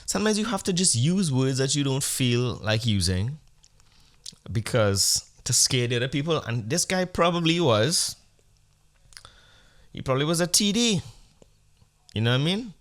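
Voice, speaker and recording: A man's voice: medium pitch, sing-song, normal speed, a bit bright. Male comedy podcast host, rambling storyteller, profane and mock-earnest.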